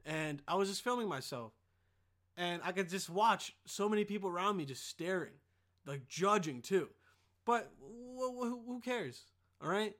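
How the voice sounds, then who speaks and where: A young man hosting a podcast in a casual, rambling monologue, profane and excitable, with sudden loud bursts. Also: sits high, a little slow. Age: young adult. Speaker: podcast host.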